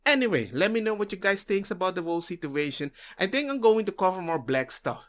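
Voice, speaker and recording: A man's voice: high voice, sing-song, a little fast, fairly bright tone. A man from the Caribbean ranting in a jokey commentary video, mocking others as he goes.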